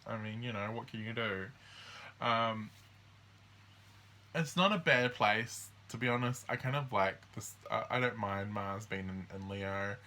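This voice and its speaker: A man's voice: on the low side, sharp tone. A man hosting a casual astrology walkthrough, rambling and hesitant with many ums and restarts. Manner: acts out the signs in quick quoted voices. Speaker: astrology host.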